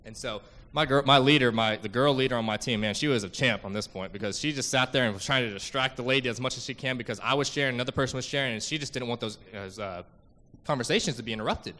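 A man's voice: mid-range voice, quick pace, bright, forceful tone, in a large hall. A young man giving an earnest, emotional church testimony about a mission trip, full of fillers and restarts.

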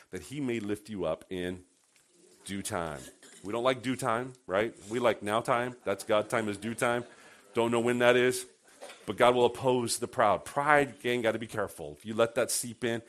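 A man preaching a sermon in a conversational way, asking the congregation questions and swinging from hushed lines to loud, sarcastic ones. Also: fairly low pitch. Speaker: pastor.

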